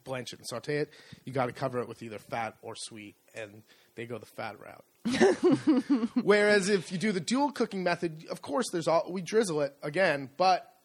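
A man's voice: fairly high pitch, lively intonation, moderate pace. A middle-aged man co-hosting a casual podcast chat, rambling with many fillers and restarts. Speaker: co-host. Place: rural home.

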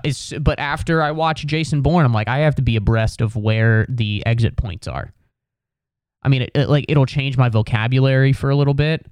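Profane rambling podcast host, smooth voice. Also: male voice, mid-range voice, a little mellow, no echo, studio quality. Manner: rambling, profane, self-deprecating. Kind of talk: casual comedic monologue. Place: home studio.

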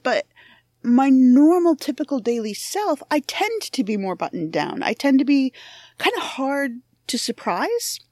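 A woman podcast host talks in a loose, candid way, sprinkling in curse words and wry asides about herself. Her voice sits a little high for a woman. The recording is dry and close, with no room sound. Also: a little mellow, no room sound. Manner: frank, profane, self-deprecating. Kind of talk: casual monologue intro.

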